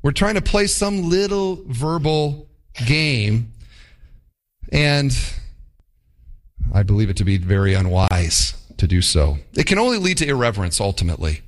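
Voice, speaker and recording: A man preaching a sermon to his congregation, emphatic and animated, acting out quick mock quotes. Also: medium pitch. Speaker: pastor.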